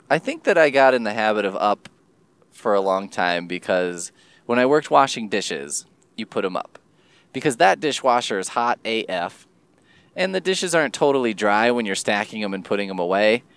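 Dude ranting casually into the mic, swears a lot, pitch bounces all over, smooth clear voice. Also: male voice, no room sound. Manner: animated, swearing, jumps pitch for emphasis. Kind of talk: casual rambling monologue.

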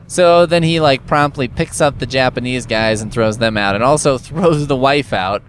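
A man's voice: mid-range voice, animated, normal speed, hardly any pauses, a little hiss or hum. A man casually recapping a story, sarcastic and profane, with lots of fillers.

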